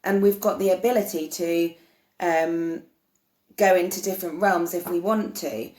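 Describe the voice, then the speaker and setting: A woman's voice: fairly low pitch, fairly even intonation, a little slow, a little mellow. A woman earnestly explaining spiritual ideas to camera in a casual, meandering way, often restarting her sentences. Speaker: spiritual vlogger. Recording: roomy echo.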